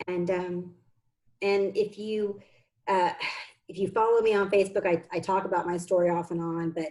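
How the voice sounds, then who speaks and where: A woman's voice: fairly low pitch, dark tone, low-quality recording. A woman in an interview, an adoptive mother and foundation founder, telling her family's story in a heartfelt, earnest way that comes close to tears.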